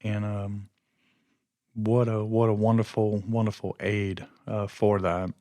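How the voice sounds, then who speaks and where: Flat-toned man rambling through a story. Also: lowish voice, slow pace, no echo. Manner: rambling and conversational, often losing his train of thought. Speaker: podcast host. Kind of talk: casual storytelling monologue.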